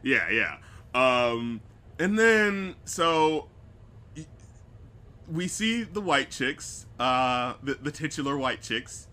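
A man's voice: medium pitch, sing-song, slow, pauses often, pushed and bright. A man co-hosting a casual movie review chat, sarcastic and swearing often, acting out scenes in silly voices. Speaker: podcast co-host.

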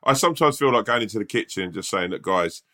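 A man's voice: fairly low pitch, lively intonation, fast, pushed and bright. A man co-hosting a podcast in casual chat, jokey and laughing easily. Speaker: podcast co-host.

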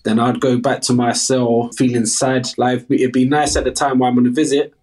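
A man's voice: mid-range voice, flat delivery, a little fast, a little mellow. Candid South London man in his thirties. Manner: earnest, candid, chatty. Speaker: guest. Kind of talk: casual interview chat.

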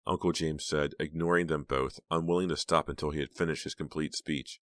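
Male audiobook narrator, very deep, dry close-miked sound. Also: no room sound. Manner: steady, measured reading.

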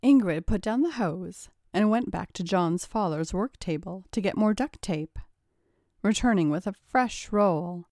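A woman narrating a story with steady, even-toned reading. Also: mid-range voice, no echo, clean studio sound.

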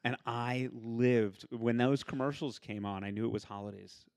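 A man's voice: mid-range voice, fairly even intonation, normal speed, vocal fry, darkish tone, no room sound, studio quality. A man from New York, a guest on a podcast, chatting in an easygoing, nostalgic way. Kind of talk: casual chat.

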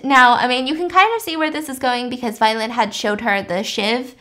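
Podcast host woman, slightly high voice, wry casual film recap. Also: brisk, hardly any pauses, a bit bright. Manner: chatty, wry, many fillers like "like".

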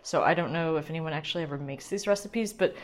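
A woman with a somewhat low voice hosts a casual wine podcast on her own. She rambles and gets distracted, pokes fun at herself, and swears freely as she gushes about what she's tasting. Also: fast. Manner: chatty, rambling, self-deprecating, swears and gushes. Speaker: podcast host. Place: home kitchen.

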